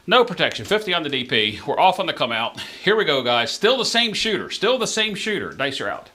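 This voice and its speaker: This man runs a live craps stream, giving a talkative play-by-play of each roll while addressing his audience directly, and he jumps up excitedly as the dice settle. He talks briskly with a fairly high voice, over a slight background hiss or hum.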